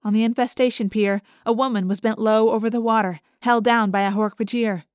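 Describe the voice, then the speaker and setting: A woman narrating an audiobook in the first person, vivid and expressive. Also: on the high side, brisk, dry recording, clean studio sound.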